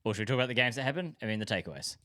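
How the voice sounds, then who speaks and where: Bright-voiced New man chatting sports. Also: mid-range voice, lively intonation. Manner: loose, swearing, quick to agree. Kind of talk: casual sports chat.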